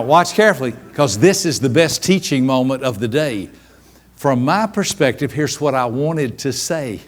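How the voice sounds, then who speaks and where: A man coaching a seminar A man with a slightly high voice tells stories to a live audience. He talks with animation and slips into acted voices for the people in his stories. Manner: animated, acts out quoted voices. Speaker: business coach giving a training.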